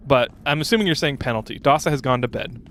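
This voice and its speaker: A man's voice: medium pitch, quick pace, fairly bright tone, slight background noise. Young male streamer, casual, rambling, chatty with chat. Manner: rambling, chatty, reads chat aloud, frequent fillers. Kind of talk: casual gameplay commentary.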